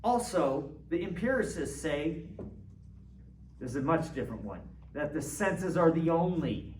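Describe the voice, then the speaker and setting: A man's voice: a little high, lively intonation, a little slow, darkish tone. Man lecturing in an echoey classroom. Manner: conversational, quizzing students with frequent "right?". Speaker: philosophy lecturer. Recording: roomy classroom, distant mic, faint noise.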